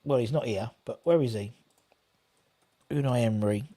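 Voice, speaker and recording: A man's voice: medium pitch, moderate pace, warm tone. A man hosting a live football watchalong, chatting with viewers and commenting on play in a rambling, casual way. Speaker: watchalong host.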